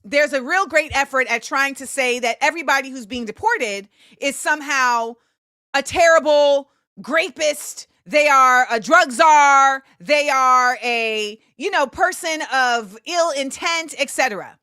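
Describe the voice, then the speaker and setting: A woman's voice: high voice, a little slow, bright, forceful tone, no room sound, clean studio sound. A woman in her forties hosting a show, giving casual solo commentary in a conversational, emphatic way with frequent fillers. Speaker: host.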